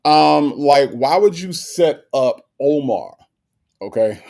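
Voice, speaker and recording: A man's voice: mid-range voice, expressive, slow pace, vocal fry, warm tone. A man co-hosting a podcast in casual chat, making his case emphatically and hammering the same point again and again. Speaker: podcast co-host.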